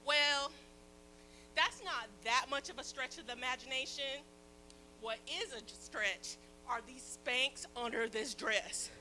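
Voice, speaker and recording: A woman's voice: high-pitched, slow pace, background noise. A woman doing a bawdy, self-mocking stand-up set on a comedy club stage, speaking into a handheld mic. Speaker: stand-up comic.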